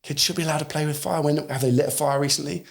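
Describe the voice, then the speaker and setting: Gravelly British man, animated. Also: on the high side, quick pace. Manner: animated storyteller who acts out quoted dialogue. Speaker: podcast guest. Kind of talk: conversational podcast interview.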